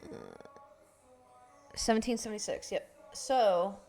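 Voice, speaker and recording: A woman's voice: medium pitch, measured pace, warm tone, faint music behind. A young woman streamer chatting casually on a live stream, rambling, swearing and laughing often. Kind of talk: casual livestream chat.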